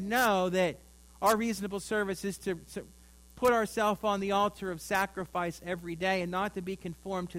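A male pastor preaching a sermon, swinging between loud emphasis and quiet asides. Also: high-pitched. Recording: mains hum.

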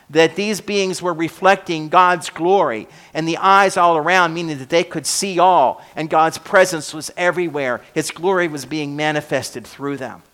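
A male pastor preaching a sermon, building up on repeated words and then dropping to a quiet close, with occasional restarts. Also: fairly high pitch, smooth. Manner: occasional restarts and self-corrections.

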